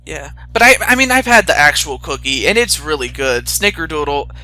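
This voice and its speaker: A man's voice: on the high side, expressive, moderate pace, sharp tone. A young man hosting a casual chat, rambling with stammering restarts and fillers. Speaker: host.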